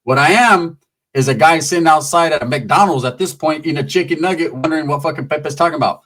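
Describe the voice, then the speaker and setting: A middle-aged man telling a comic street story, animated and profane. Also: fairly high pitch, fast talker.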